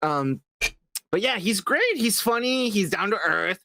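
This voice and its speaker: A man's voice: sits high, expressive, unhurried, pushed and bright, no echo. A man co-hosting a casual podcast, rambling and swearing while reacting to movie news. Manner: rambling, repetitive, swears often. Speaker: podcast co-host. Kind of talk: casual profane nerd-news banter.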